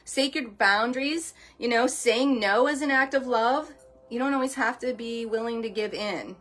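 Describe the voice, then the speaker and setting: A woman's voice: a little high, moderate pace, fairly bright tone. A middle-aged woman hosting a sound healing talk, earnest and encouraging, speaking directly to her viewers. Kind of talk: casual motivational talk.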